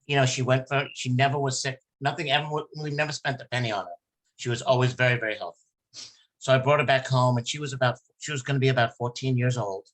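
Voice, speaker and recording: A man hosting a casual podcast chat, telling an emotional personal story. His pitch sits in the ordinary middle for a man, and he rambles and restarts as he goes. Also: fairly even intonation, fast, fairly bright tone. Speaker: podcast host.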